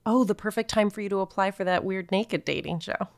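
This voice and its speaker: A woman co-hosting a podcast in casual chat who teases with quick quips. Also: medium pitch, dry recording, studio quality. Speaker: podcast co-host.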